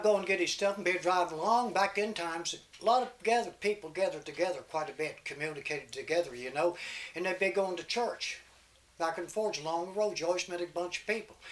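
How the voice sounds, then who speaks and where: High-voiced man telling a folk tale. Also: a bit bright. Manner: folksy, rambling, peppered with "you know". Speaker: storyteller. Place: home recording session.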